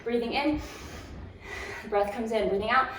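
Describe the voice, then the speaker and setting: A fitness instructor with a slightly high, fairly bright voice talks at normal speed while leading a home workout to follow along with. She cues each move, counts down, laughs, and offers encouragement, now and then a little out of breath. It was recorded in a very echoey room on a distant mic, with faint noise.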